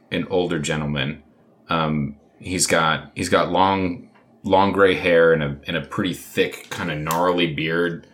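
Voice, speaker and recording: Deep-voiced man narrating as game master. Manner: halting, many restarts, casual.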